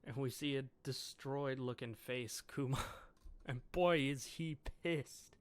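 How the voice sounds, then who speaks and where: A man's voice: mid-range voice, slow, clean tone, no echo. A man giving a casual solo review of a comic chapter, reading lines aloud and commenting with chuckles. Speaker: manga reviewer.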